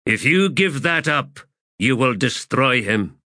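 A man's voice: mid-range voice, expressive, takes it slowly, pushed and bright, no echo, clean studio sound, pitched above the performer's own voice. A man playing Fiddler, an anguished veteran soldier. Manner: strained, urgent pleading.

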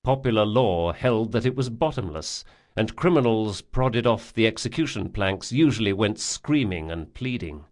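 A man narrating a fantasy audiobook in a measured, vivid storytelling manner. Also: on the low side. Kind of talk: scripted narration.

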